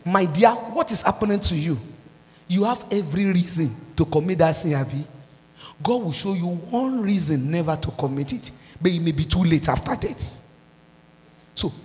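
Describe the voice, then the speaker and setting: Nigerian woman pastor preaching in a lively voice. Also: lowish voice, big-room sound. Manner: preaching with sudden shouted and sung outbursts. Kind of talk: sermon.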